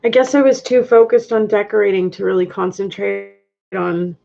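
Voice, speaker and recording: A woman's voice: mid-range voice, normal speed, gravelly, warm tone, faint music behind. A woman chatting casually on a live stream while decorating at home, thanking viewers and laughing often, over a webcam mic. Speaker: vlogger reading live chat. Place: home, indoors. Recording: dull lo-fi webcam audio.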